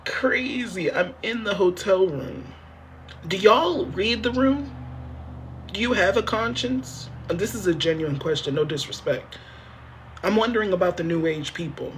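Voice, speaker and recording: High-voiced and fairly bright, the man speaks at normal speed with lively intonation, a faint hiss or hum behind him. He's livestreaming from a motel room on his phone, half joking as he addresses chat directly, rambling, repeating, swearing freely and looking to viewers for help.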